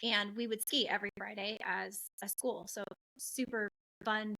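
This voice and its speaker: Bright, blunt-talking woman podcast host. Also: medium pitch, moderate pace, poor audio. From western United States. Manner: lively storytelling, candid and blunt. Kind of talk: casual chat.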